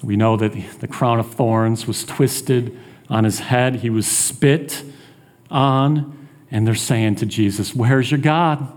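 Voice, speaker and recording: A man's voice: medium pitch, fairly even intonation, slow pace, darkish tone. A man preaching a sermon in an earnest, conversational way, with plenty of restarts. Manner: earnest, conversational, acts out taunts in a raised voice.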